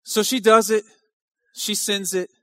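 A man's voice: high voice, little pitch movement, unhurried, no room sound. A male pastor preaching an impassioned sermon at a church service, driving home repeated rhetorical questions.

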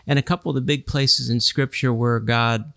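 A man on a podcast explaining scripture, quoting Bible passages at length in a relaxed study discussion. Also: mid-range voice, normal speed, creaky, dry recording, clean studio sound.

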